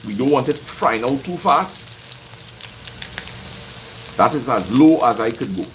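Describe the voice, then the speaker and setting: A man's voice: medium pitch, animated, unhurried, a bit bright, a little hiss or hum, rough recording. Chatty Trinidadian man cooking live. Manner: chatty, teasing, addresses viewers directly. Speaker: cooking vlogger streaming live. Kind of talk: casual chat to live viewers while cooking. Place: home kitchen at the stove. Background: frying sizzle.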